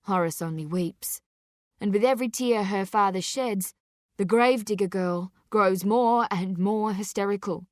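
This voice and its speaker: A woman narrating a dark story with dramatic, deliberate delivery. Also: medium pitch, steady tone, no echo, studio quality. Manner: slow, intense, deliberate delivery.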